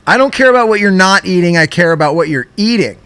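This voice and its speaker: Bright-voiced, high-pitched young man telling stories. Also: fast, clean tone, dry recording. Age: young adult. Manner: animated storytelling, frequent swearing. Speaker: podcast co-host. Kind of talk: casual chat.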